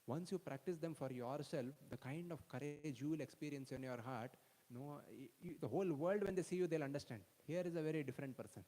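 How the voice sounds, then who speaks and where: A man rushes through an animated storytelling sermon for a youth audience and keeps checking in with his listeners. His voice sits at an ordinary pitch for a man, and a long hall reverb trails behind him. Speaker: speaker at a youth festival.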